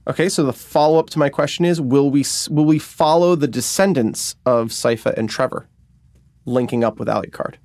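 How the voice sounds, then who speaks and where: Mid-pitched man on a podcast, always asking questions, dry mic. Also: fairly quick, darkish tone, no echo. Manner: inquisitive, asks pointed questions. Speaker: podcast co-host. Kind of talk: casual chat.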